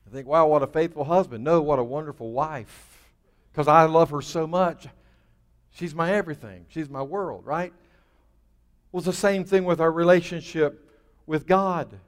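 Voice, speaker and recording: A man's voice: a little high, moderate pace. Emphatic preacher man with a reverberant sound. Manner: emphatic, with rising bursts and dropping to a near hush. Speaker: pastor. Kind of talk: sermon.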